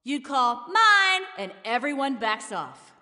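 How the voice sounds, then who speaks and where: A flirty summer goddess. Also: female voice, high voice, sing-song, takes it slowly, long reverb tail, a crowd in the background, heavily acted. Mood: teasing.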